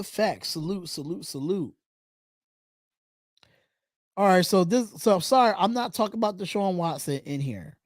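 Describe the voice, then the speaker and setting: Casting: male host with a high voice, loose and repetitive, close and dry. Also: a little mellow, no echo. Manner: chatty, repeats phrases, reads comments aloud. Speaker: podcast host. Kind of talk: casual live-stream chat.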